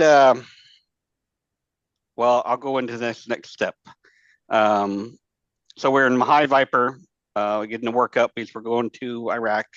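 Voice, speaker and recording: A man's voice: medium pitch, a bit bright, no echo. A man telling war stories as a podcast guest, rambling and profane, with lots of fillers and restarts. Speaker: podcast guest, former Marine. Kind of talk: casual storytelling chat. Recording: dull lo-fi dry sound.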